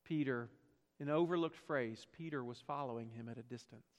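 A South Carolina pastor with a Southern US accent preaches a sermon a little fast, swinging between hushed, low passages and loud, emphatic rhetorical questions. The sound has a long reverb tail.

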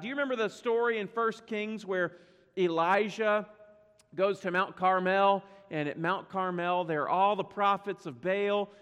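Male pastor, high voice, chatty preaching with jokes; long church reverb. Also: a bit bright. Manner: conversational preaching with playful asides. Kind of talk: sermon. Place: church sanctuary.

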